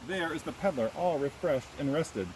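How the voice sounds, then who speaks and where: A man's voice: a little high, moderate pace, slight background noise, low-quality recording. A man, a teacher, reading a picture book aloud to children outdoors and asking them questions as he goes. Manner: animated, asks children questions.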